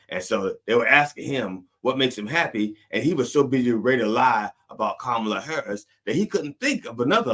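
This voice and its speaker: A man's voice: lowish voice, a bit bright. A man hosting a comedic sermon-style show, talking in a sardonic, rambling, digressive way. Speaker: host and preacher.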